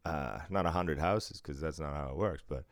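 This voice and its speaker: A man's voice: very deep voice, moderate pace, no room sound, clean studio sound. A man in his fifties from Cambridge with a Boston accent, swearing freely while telling stories in a casual chat. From Cambridge, Massachusetts. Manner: profane, animated storytelling.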